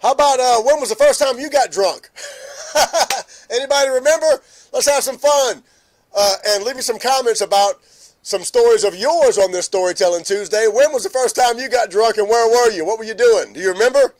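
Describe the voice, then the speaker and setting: On his relaxed morning stream, a middle-aged man speaks at a moderate pace in a voice that's high for a man. He welcomes viewers individually by name, often cracking up with laughter.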